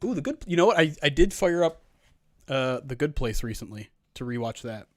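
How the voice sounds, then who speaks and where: A man's voice: a little high, lively intonation, a little fast, no echo. A man hosting a live stream in casual chat, reading viewer comments and rambling as he often restarts his sentences. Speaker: streamer host.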